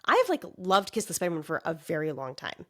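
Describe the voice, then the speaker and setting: A woman guesting on a podcast, raspy from a cold, talking in a wry, playful way. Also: on the low side, huge pitch swings, fast talker, a bit bright. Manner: wry, playful, laughs easily. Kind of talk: casual chat.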